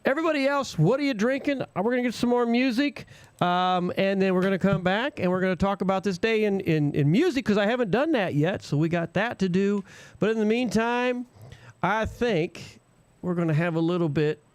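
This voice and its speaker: A man co-hosting a live radio show in casual chat, animated, laughing and rambling between asides. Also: high voice, brisk, smooth, dry recording. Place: small radio studio.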